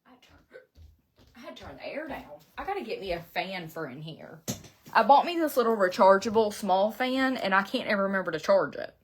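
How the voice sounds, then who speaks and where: A woman's voice: medium pitch, animated, brisk, husky. A middle-aged woman with a Southern Georgia accent, chatting casually and rambling with frequent laughs while doing her makeup at home. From Southeast Georgia, USA. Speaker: beauty vlogger. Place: her home beauty room, indoors.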